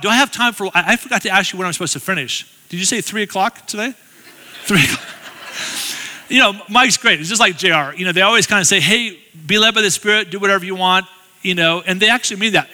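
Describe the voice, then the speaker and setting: A man's voice: on the high side, bright, forceful tone, long reverb tail. A middle-aged man giving a guest sermon in a church, telling a story in a chatty, self-deprecating way with humorous asides. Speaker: guest speaker. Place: church sanctuary.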